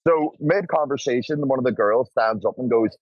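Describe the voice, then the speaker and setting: With a mid-range voice and a brisk pace, a podcast guest shares a wild story casually, voicing the characters and swearing liberally. The studio mic picks up no echo, but the audio sounds dull.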